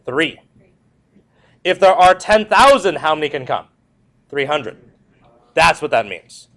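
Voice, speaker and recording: A man's voice: fairly high pitch, a little slow. A man teaching a history lecture to a class, repeating key points and joking with students. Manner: repetitive, animated, joking asides to students.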